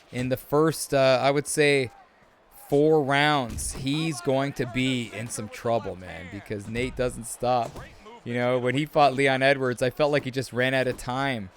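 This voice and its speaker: A man hosting his sports channel, casually commentating a simulated fight live, calling him "man" and "brother" as he goes, with bursts of excitement at big moments. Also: mid-range voice. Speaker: sports commentator and video host. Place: home setup, recording live.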